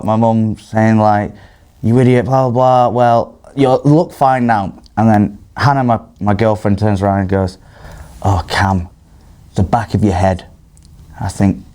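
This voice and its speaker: In a relaxed podcast chat, a young man tells a long anecdote in a lively, swearing, laugh-prone manner. His voice sits at a middle pitch for a man. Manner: animated, swearing, laughs often while telling stories. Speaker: guest. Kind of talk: casual storytelling on a podcast.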